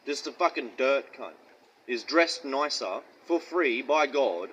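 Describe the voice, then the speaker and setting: A man's voice: medium pitch, expressive, takes it slowly, a bit bright, slightly rough, rough recording. Crude, blunt man preaching. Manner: blunt, heavily profane, mocking; rambling slangy chat. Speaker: street-style preacher. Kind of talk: casual Bible teaching.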